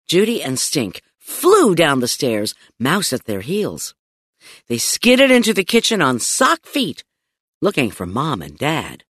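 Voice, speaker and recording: A woman narrating a children's audiobook in a playful, expressive storytelling manner, close to a studio mic. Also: low voice, slow pace, husky, no echo.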